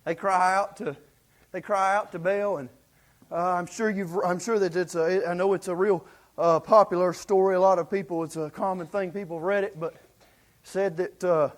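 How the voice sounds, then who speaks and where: A man preaching a sermon in a folksy, excitable storytelling way, with many fillers, acting out the lines of the people in the story. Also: high-pitched, normal speed.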